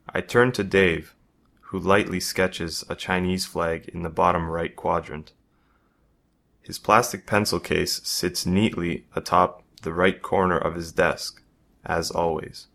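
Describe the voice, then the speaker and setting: A man narrating a first-person story in a measured, even reading. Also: low-pitched, gravelly.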